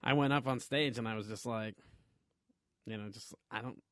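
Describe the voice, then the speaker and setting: A man's voice: mid-range voice, fairly even intonation, normal speed, a bit bright, no echo, studio quality. A man hosting a comedy podcast, chatting casually in a rambling, self-deprecating way with lots of fillers. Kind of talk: casual chat.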